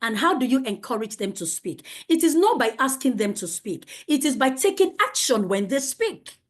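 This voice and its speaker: A woman's voice: sits high, big pitch swings, moderate pace. A woman leading a safeguarding training for teachers, speaking emphatically and asking many rhetorical questions.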